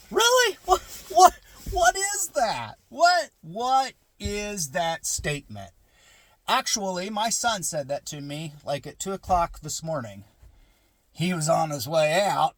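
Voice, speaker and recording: A man's voice: fairly high pitch, no echo. A middle-aged man vlogging from a parked car in his garage, musing in a rambling, casual way with restarts and asides.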